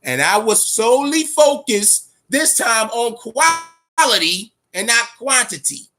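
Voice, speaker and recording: A man's voice: extremely high pitch, big pitch swings, slow, bright, forceful tone. A man hosting a boxing show, talking casually and profanely, amped up and fidgety, repeating himself often. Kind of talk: casual livestream talk.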